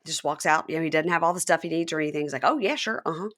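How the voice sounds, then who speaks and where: Low-voiced woman recapping a reality show. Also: rapid-fire. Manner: animated retelling, quoting people in changed voices. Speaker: podcast host. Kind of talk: casual recap chat.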